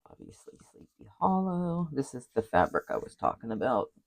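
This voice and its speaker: A woman's voice: rumbling low, big pitch swings, normal speed, gravelly, a little mellow, low-quality recording. A woman crafter chatting casually as she shows a handmade journal, rambling with asides and apologies. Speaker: craft vlogger. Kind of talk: casual journal flip-through chat.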